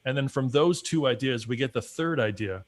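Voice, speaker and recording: Animated man telling stories, acting out quotes. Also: medium pitch, a little fast. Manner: animated storyteller who acts out his own quotes. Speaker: guest and regular collaborator. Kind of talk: casual livestream chat.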